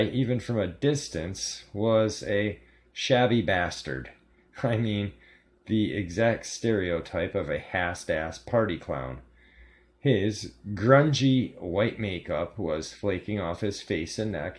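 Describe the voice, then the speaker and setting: A man reads a horror story aloud in a calm, measured style. His voice sits low and the delivery is unhurried. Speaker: narrator. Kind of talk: scripted horror story narration.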